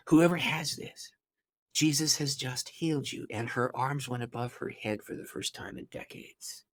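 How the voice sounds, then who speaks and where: A middle-aged man, a pastor, telling a long story in an interview in an animated way, often restarting his sentences. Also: mid-range voice.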